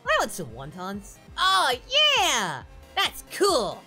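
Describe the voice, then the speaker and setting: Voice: sits high, wildly swooping pitch, takes it slowly, sharp tone, soft background music, heavily acted. A performer voicing Goku, a cheerful, dim-witted adult martial-arts hero, giving childlike, whooping commentary on a game and referring to himself in the third person. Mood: excitable. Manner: giddy, childlike, shrieks and whoops. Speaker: let's play commentator in character. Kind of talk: comedic parody game commentary.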